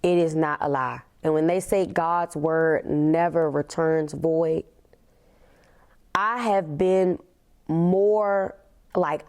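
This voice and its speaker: A woman's voice: on the low side, a little mellow. Emphatic woman telling her own story. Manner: emphatic, repeats "literally", stretches key words slowly. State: tearful. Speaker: podcast host. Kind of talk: personal storytelling monologue.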